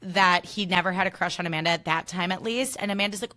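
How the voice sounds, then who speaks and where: A woman's voice: fairly low pitch, steady tone, a little fast, few pauses, sharp tone. A young woman hosting a podcast, recapping reality TV in a chatty, sarcastic way, swearing freely and acting out quotes. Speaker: podcast host.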